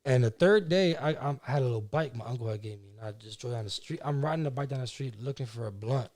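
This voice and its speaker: A young man with a New Jersey accent tells his story on a podcast. He talks in a loose, slangy way, with "like" in almost every line. His voice sits at an ordinary middle pitch. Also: fast. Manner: animated, slangy, heavy use of "like" and "you know what I mean". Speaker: podcast guest. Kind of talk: casual storytelling.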